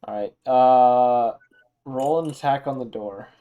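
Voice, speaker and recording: A man narrating a tabletop game as game master, relaxed and loose, with many fillers. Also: mid-range voice, slow pace, clean tone.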